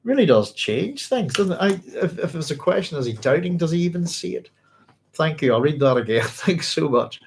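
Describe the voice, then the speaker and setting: A man's voice: medium pitch, slight background noise. A man hosts a live-streamed book club with a mid-range voice. He reads passages aloud, then drifts into loose, thinking-aloud commentary and replies to viewers' comments. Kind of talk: live-streamed reading and discussion.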